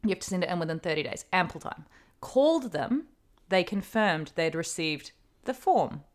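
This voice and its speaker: A woman co-hosts a casual podcast, talking in an expressive, emphatic way full of fillers. Her voice is a little low for a woman. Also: normal speed. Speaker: podcast co-host. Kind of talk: casual chat.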